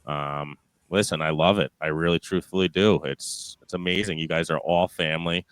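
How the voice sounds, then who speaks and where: A man hosting a podcast, talking in casual, excitable banter with some swearing and teasing. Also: deep voice, moderate pace, smooth, no echo. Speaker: podcast host. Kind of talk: casual chat.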